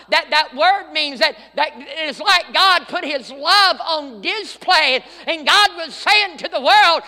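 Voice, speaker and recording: A middle-aged man delivers a fervent sermon in a church sanctuary. His voice sits very high and rings bright and forceful. The hall gives it a long, trailing reverb. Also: expressive, a little slow, hardly any pauses. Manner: fervent preaching, swings from loud to hushed. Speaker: preacher.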